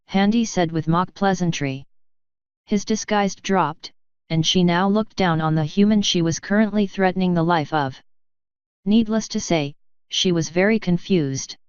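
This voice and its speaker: A woman reading fanfiction aloud in a steady storytelling manner, in a dull lo-fi recording. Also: on the low side, measured pace, clean tone, dry recording. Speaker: story reader. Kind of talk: fanfiction read-aloud narration.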